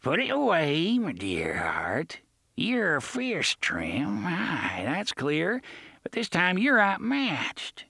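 Cackling dying old pirate. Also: male voice, high-pitched, huge pitch swings, normal speed, gravelly, fairly bright tone, no echo, clean studio sound, voice pushed up, heavily acted. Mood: menacing chummy. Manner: thick slangy speech, chummy yet threatening.

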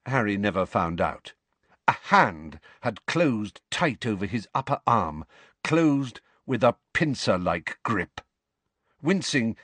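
A man narrating an audiobook in an expressive, dramatic way. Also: lowish voice, no echo.

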